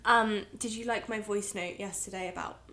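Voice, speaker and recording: A young woman chats casually as a podcast co-host. She tells anecdotes in a lively, laughing way. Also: mid-range voice, moderate pace. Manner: chatty, laughing storyteller. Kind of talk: casual chat.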